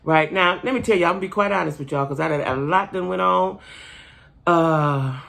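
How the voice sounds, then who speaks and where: A woman's voice: fairly low pitch, fairly quick, gravelly, fairly bright tone. A middle-aged woman hosting her own channel, chatting in a rambling way straight to her viewers about reality TV. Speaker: channel host. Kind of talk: casual reality TV commentary. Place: staying at her son's home.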